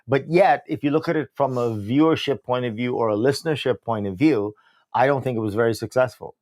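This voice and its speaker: A man's voice: mid-range voice, brisk, a little mellow. A man co-hosting a podcast in casual chat, laughing often and reading viewer comments aloud. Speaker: podcast co-host.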